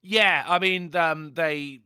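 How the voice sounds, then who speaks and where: A man hosting a livestream podcast, telling stories in a rambling, jokey, animated way in casual crude chat. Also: fairly high pitch, slow, clear, resonant tone, no room sound, clean studio sound.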